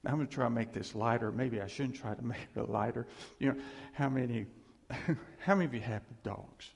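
An older man giving a casual, folksy sermon, chuckling often and teasing himself, with a gravelly voice. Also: mid-range voice, moderate pace. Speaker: preacher. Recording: reverberant hall.

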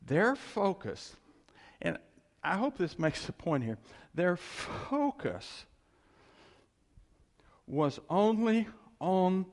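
A male preacher giving a conversational, animated sermon and often chuckling as he talks. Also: sits high.

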